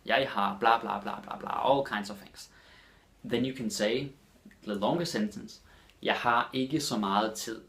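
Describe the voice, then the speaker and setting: A man with a Danish accent teaching his language in a casual lesson, repeating phrases slowly for learners. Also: fairly low pitch, fairly bright tone. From Denmark.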